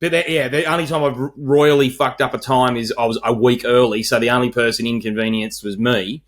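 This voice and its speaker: An Australian man chats casually on a podcast. He tells stories with plenty of swearing and acts out quoted lines. His voice sits at a middle pitch. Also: a little fast. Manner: swearing, animated storytelling with acted quotes. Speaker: podcast co-host, wedding celebrant. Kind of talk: casual chat.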